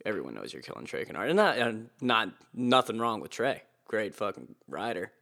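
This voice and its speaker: A man's voice: on the low side, big pitch swings, brisk, gravelly, a bit bright. Profane, rambling male podcast host. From Boston. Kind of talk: casual solo podcast chat.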